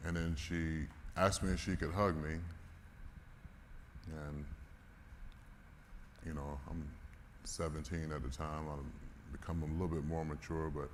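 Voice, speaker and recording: With a very deep, unhurried voice that barely moves in pitch, he pauses often while telling a candid, emotional story at a conference. Now and then he swears or laughs, his words echoing in a large hall with faint background noise.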